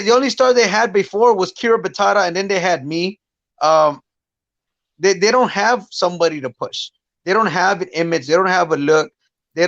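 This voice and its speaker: A man's voice: high-pitched, a bit bright, no echo, muffled recording. A man, a guest fighter, chatting bluntly and profanely on a podcast, rambling through his points. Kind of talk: casual podcast chat.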